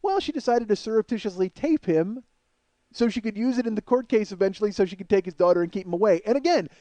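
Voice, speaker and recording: A man hosting a comedy podcast, riffing through a profane, animated monologue. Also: high-pitched, quick pace, no room sound.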